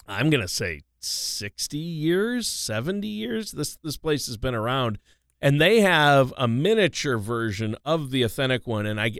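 A male co-host with a smooth, clear mid-pitched voice chats easily and tells long, winding stories. The room sound is dry. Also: fairly bright tone, dry recording. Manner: easygoing, chatty, trailing storyteller. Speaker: podcast co-host. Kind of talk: casual chat.

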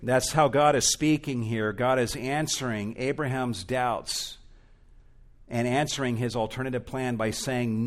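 A man's voice: mid-range voice, steady tone, unhurried. A male pastor preaching an expository sermon in a church, earnest and emphatic, rising and falling in intensity.

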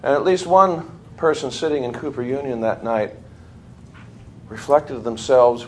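A man's voice: mid-range voice, moderate pace, a little hiss or hum. A man giving a history lecture to a class, telling stories animatedly and laughing as he talks. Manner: animated storyteller, laughs while talking. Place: lecture room with students.

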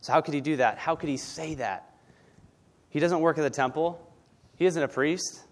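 A man's voice: on the high side, normal speed. Blunt, conversational male preacher. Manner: blunt, conversational, tag questions. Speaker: pastor. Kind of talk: sermon.

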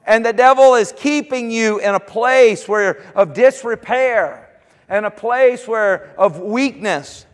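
A man's voice: very high voice, slow pace, big-room sound. A male preacher giving a sermon, telling homely stories and building to fervent declarations. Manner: folksy storytelling, rising to fervent declarations.

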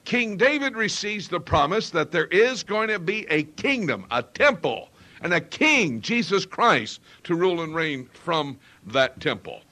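A man's voice: sits high, very animated, unhurried, bright, forceful tone. A man preaching a sermon with an emphatic rising and falling cadence, often asking the congregation questions.

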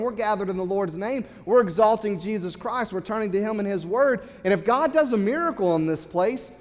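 A man with a high voice delivers a Sunday sermon, pressing his points hard and doubling back on his words. His voice carries a long reverb from the church sanctuary around him. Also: a little mellow. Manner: emphatic preaching with repeated words and restarts. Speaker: pastor.

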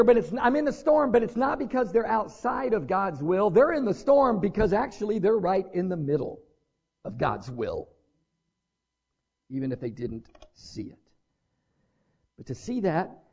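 A man preaching a sermon as pastor, animated and conversational, with asides to his congregation. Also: high voice, normal speed, long pauses, husky, highs cut off.

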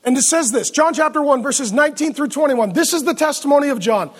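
A male pastor giving an animated, joking sermon with asides to the congregation. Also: very high-pitched, fast.

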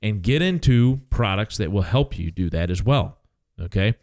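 Older guy financial host, low voice, emphatic, keeps going "okay?". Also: lively intonation, moderate pace, a little mellow, no room sound. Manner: emphatic, punctuates points with "okay?". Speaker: financial advisor and show host. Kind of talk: casual financial talk show.

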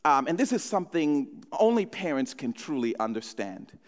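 A man preaching a sermon from the pulpit, telling stories in an animated way. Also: a little high, moderate pace, big-room sound. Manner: storytelling, animated. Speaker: pastor.

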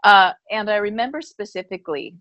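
A woman co-hosting a live-streamed chat, telling a personal story in an animated way and laughing often. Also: medium pitch, fairly quick, dry recording. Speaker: podcast co-host and psychic reader.

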